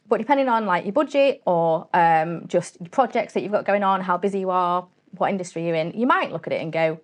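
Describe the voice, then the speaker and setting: A fairly low-pitched woman speaking as a guest in an interview. She talks casually and directly and acts out snippets of dialogue. Her manner stays chatty and straight-talking throughout. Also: fairly quick, hardly any pauses. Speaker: guest, cybersecurity company CEO.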